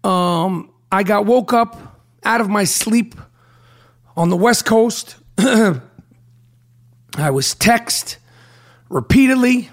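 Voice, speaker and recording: A hoarse man hosting a podcast, talking in a brash, profane, rambling way full of fillers. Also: high-pitched, animated, slow, pauses often. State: hoarse from a throat problem. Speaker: podcast host. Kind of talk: casual podcast monologue with host-read ad.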